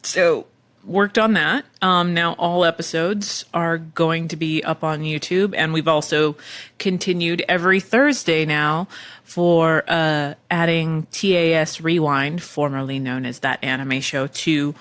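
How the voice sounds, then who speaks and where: Lady podcast host just chatting, kinda low voice, rambly and self-deprecating, lots of ums. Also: steady tone, a little slow, a bit bright. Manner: rambling and self-deprecating, with many fillers and laughs. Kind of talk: casual chat.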